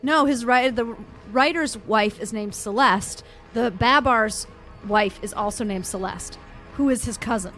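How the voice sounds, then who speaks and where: A woman co-hosting a let's play, telling a rambling, gossipy story with blunt dark humor in casual chat. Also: a little high, unhurried, soft background music. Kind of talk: casual chat over gameplay.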